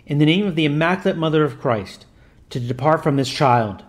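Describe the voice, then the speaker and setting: A man's voice: fairly high pitch, animated, brisk, lightly acted. A man voicing a stern priest who fiercely commands a demon in a read-aloud story. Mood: commanding.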